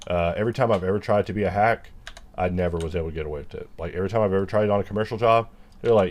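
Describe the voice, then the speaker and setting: Speaking low and very fast, this man narrates his 3D modeling on screen in a loose, rambling way. He's teaching his workflow and keeps cracking jokes at his own expense.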